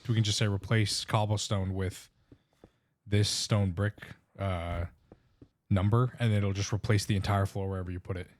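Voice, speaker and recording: A man's voice: fairly low pitch, fairly even intonation, moderate pace. A man with an Indian accent streaming a game, explaining plans in a rambling, casual way. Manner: rambling, restarts sentences while explaining plans. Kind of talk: casual live-stream chat.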